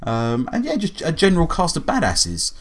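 A man, casually retelling a film's plot to a co-host, animated, laughing often and swearing freely. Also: fairly high pitch, normal speed. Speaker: podcast co-host reviewing a film. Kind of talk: casual chat.

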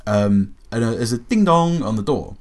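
A man, casually retelling a film's plot to a co-host, animated, laughing often and swearing freely. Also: mid-range voice, moderate pace. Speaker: podcast co-host reviewing a film. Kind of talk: casual chat.

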